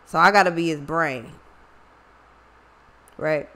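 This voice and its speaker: With a low, pushed, bright voice, a woman takes her time telling viewers a personal story. She is an online reader and vlogger, and she speaks to them directly in a casual, emotional, slang-filled, profane way.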